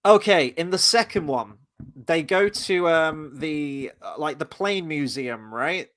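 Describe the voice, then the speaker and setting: A man's voice: a little high, animated, takes it slowly, a bit bright, no echo. A man hosting a casual review chat, rambling and playful with lots of asides. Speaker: host.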